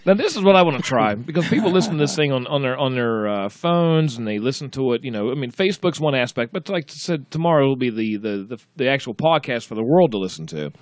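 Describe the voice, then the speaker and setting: Animated male podcast host, dry mic. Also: mid-range voice, fast, hardly any pauses, no room sound. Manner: animated storytelling, frequent restarts and throat clearing. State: slightly choked up. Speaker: podcast host, former radio DJ. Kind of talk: casual podcast chat.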